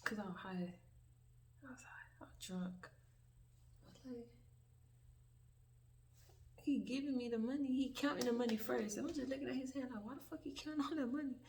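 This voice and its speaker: A woman's voice: on the high side, moderate pace, gravelly, long pauses. A young woman, telling a rambling, profane story in a casual storytime vlog. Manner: rambling, profane, animated storytelling with many asides. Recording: distant mic, faint background hiss.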